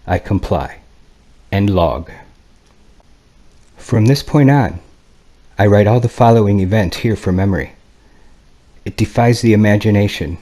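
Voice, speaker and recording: A man reading a first-person flight log and diary in a measured, grave manner. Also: fairly low pitch, dark tone. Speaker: narrator.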